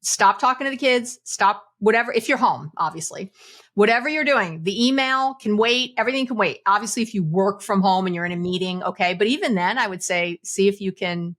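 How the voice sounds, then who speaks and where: A woman psychologist, a guest on a podcast, giving relationship advice in an animated way, acting out little quoted lines and laughing often. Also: mid-range voice, fairly quick.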